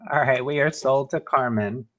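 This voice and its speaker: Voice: medium pitch, moderate pace, a bit bright. A co-host calling the bids in a live online jewelry auction, with a playful, teasing manner. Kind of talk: casual live-stream auction chat.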